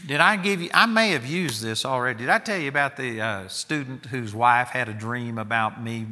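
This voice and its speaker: A man's voice: medium pitch, normal speed, sharp tone, big-room sound, slight background noise. A man preaching a sermon to students, emphatic and given to storytelling, often repeating himself for emphasis.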